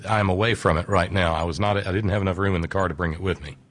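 A man's voice: low-pitched, fairly even intonation, fairly bright tone. A man in a casual radio conversation, explaining in long stretches and drawing out words he wants to stress. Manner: explanatory, drawn-out emphasis on key words.

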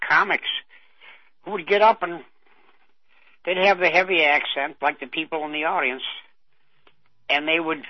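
An older man with a slightly high voice co-hosts a radio show, reminiscing in casual chat. He rambles with lots of fillers, and the radio audio is dull and dry with no echo.

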